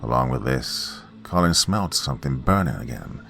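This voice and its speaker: Very deep-voiced man telling campfire horror. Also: sing-song, moderate pace, gravelly, a bit bright, faint music behind. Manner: dramatic, folksy, dropping to whispers for suspense. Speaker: horror story narrator.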